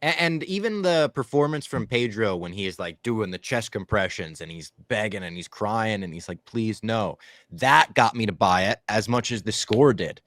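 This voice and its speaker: Animated man in a casual movie review chat. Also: on the low side, normal speed, few pauses, dry recording. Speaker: podcast co-host.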